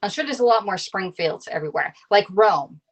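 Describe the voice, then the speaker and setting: A woman's voice: mid-range voice, lively intonation, fairly quick. Chatty woman cooking on a live stream. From Pennsylvania. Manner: chatty, laughs often, greets viewers by name. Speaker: cooking live-streamer and kitchen tools consultant. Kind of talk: casual live-stream chat while cooking.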